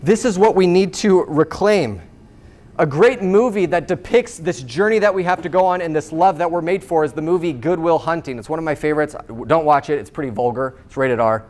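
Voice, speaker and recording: Guy giving a faith talk to high schoolers, kinda high voice, earnest and punchy. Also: a little fast, a little mellow. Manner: earnest and emphatic, acting out film scenes. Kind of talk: faith-based talk to teens.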